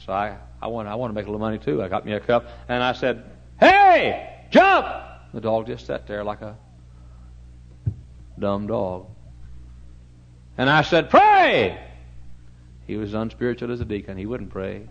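A low-voiced man preaching in a church, telling a story with lots of animation. His delivery jumps to loud bursts whenever he acts out a shout. The recording is dull and lo-fi. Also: brisk, vocal fry, long pauses. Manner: animated storytelling, suddenly loud when acting out shouted commands. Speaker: pastor. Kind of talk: storytelling sermon.

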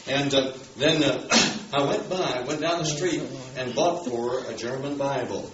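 A man's voice: mid-range voice, unhurried, few pauses, fairly bright tone, roomy sound, far from the mic, muffled recording. A man preaching a sermon, telling a story in a folksy way and building emphasis on key words. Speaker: pastor.

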